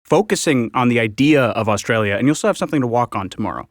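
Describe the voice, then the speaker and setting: A man who voices characters for a living, guesting on a comedy podcast and making wry deadpan jokes. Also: medium pitch, quick pace, dry recording, studio quality. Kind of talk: casual comedic chat.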